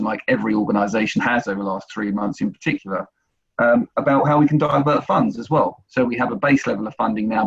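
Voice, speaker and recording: Gravelly man on a muffled call. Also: lowish voice. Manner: hesitant, many restarts and fillers. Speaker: agency chief executive panellist. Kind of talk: panel discussion on video call.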